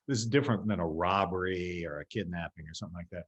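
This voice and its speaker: A man's voice: low-pitched, fast talker, breathy edge. A man, a martial arts teacher, chatting as a guest on a video call and acting out little scenes as he talks. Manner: animated storytelling, acting out scenes. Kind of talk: casual video-call chat.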